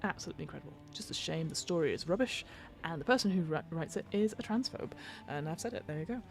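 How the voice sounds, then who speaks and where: British woman podcast host reading rules out loud, rambly, keeps cutting herself off, gravelly low voice, faint music behind. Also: expressive, quick pace. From United Kingdom. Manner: rambling, self-interrupting, tangents. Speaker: podcast host and game master. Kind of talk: reading a rulebook aloud with chatty asides.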